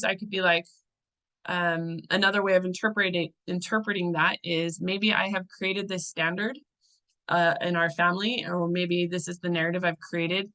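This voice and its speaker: A woman's voice: lowish voice, steady tone, moderate pace, pushed and bright, rough recording. A young adult woman coaching a group in a casual teaching talk. She sounds chatty and loose, with fillers and restarts.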